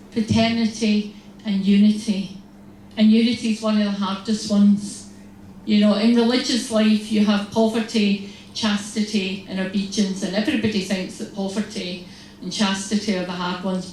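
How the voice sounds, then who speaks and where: A religious sister giving a humorous, storytelling talk to an audience, acting out little exchanges. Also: female voice, medium pitch, darkish tone. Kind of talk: lively faith talk to an audience. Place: large hall. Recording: echoey hall, distant mic, faint noise.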